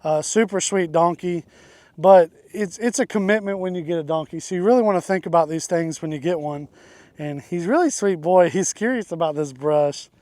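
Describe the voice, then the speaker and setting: Outdoors on a farm beside a donkey, a man hosts a casual farm vlog, rambling easygoingly and chuckling often. His voice is fairly high and a little mellow, at normal speed, with no echo.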